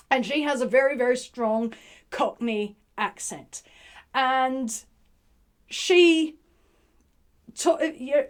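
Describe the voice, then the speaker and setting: A woman's voice: fairly high pitch, smooth. A woman giving an informal lecture, retelling a play in a conversational way and thinking aloud as she goes. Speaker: literary commentator.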